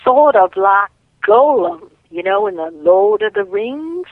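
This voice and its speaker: A woman putting on a slow Southern belle. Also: mid-range voice, animated, no room sound. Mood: theatrical. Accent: put-on American Southern. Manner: slow, drawn-out, mannered delivery. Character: genteel Southern belle woman caller, theatrical. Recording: tinny phone line.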